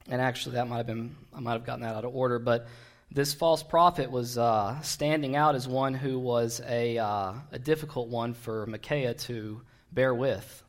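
A man preaching a sermon, retelling a Bible story in a conversational, digressive way with wry asides. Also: mid-range voice.

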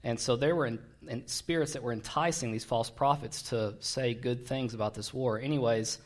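A man's voice: mid-range voice, fairly even intonation, normal speed, hardly any pauses. A man preaching a sermon, retelling a Bible story in a conversational, digressive way with wry asides.

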